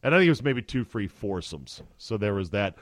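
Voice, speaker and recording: A man's voice: fairly low pitch, big pitch swings, a little fast, no room sound. Dry, profane podcast host man. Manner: profane, jokey storytelling. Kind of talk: casual chat.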